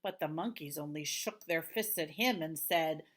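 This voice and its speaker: A woman reading a children's picture book aloud in an expressive voice, sometimes dropping into a hush. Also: deep voice, normal speed. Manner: expressive, with hushed whispered asides. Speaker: storybook reader.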